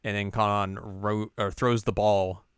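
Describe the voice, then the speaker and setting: A man co-hosting an anime recap show, retelling scenes in casual chat and jumping into squeaky voices for the characters. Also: flat delivery, measured pace, clean tone, no echo, clean studio sound. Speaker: co-host recapping an anime episode.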